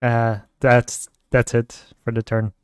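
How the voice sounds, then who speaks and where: A man with a smooth, resonant voice talks slowly while playing in a tabletop game. He laughs easily, and his voice sounds dry. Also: medium pitch, monotone, no echo. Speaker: player. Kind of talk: casual tabletop play.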